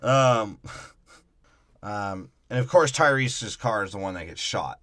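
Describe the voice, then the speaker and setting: A man's voice: on the low side, animated, slow, a bit bright, no echo, clean studio sound. A man co-hosting a casual podcast, recapping a movie plot with swearing, laughs and mocking asides. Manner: profane, laughing, recaps plot with mock impressions. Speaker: podcast co-host. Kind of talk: casual movie breakdown chat.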